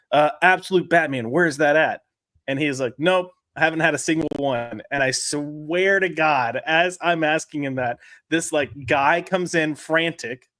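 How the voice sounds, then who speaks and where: A man's voice: medium pitch, a bit bright, no echo, clean studio sound. A man telling a rambling story in a casual panel chat and acting out the people in it. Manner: rambling storyteller, acts out the people in his stories. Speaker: panel guest.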